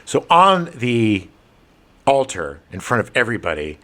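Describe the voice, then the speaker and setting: A middle-aged man co-hosting a casual podcast, his voice leaping up and down as he spins a story. He talks in an everyday register, animated and quick to laugh. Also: medium pitch. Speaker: podcast co-host.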